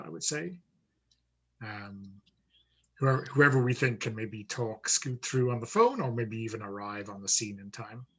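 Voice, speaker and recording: Husky, unhurried game master. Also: male voice, lowish voice, rough recording. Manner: relaxed, easygoing, hesitant with fillers. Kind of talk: running a tabletop game.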